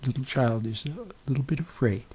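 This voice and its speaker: Mellow, husky-voiced man giving a gentle spiritual talk. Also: medium pitch, animated, moderate pace. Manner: gentle, repeatedly checks in with the listener; folksy storytelling with many fillers and restarts. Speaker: spiritual teacher.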